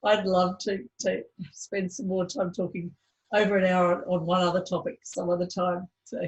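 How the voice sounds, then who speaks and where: A woman's voice: fairly low pitch, level tone, moderate pace, highs cut off. A woman with an Australian accent, hosting a casual interview in a friendly, chatty way. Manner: friendly, chatty, laughs easily. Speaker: host, interviewer.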